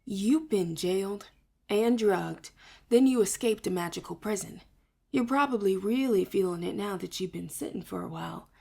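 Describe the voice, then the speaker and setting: A woman's voice: medium pitch, moderate pace, creaky, darkish tone, husky. A woman voicing a tall, practical woman warrior who speaks in a matter-of-fact, reassuring way.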